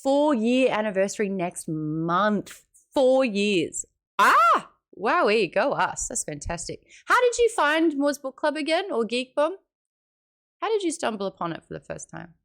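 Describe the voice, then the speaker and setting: An Australian woman in her late twenties hosts a casual book club livestream, and her pitch swings widely as she talks. She is chatty and animated, breaking into quick asides and high squeals while she reads viewer comments aloud. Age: late 20s.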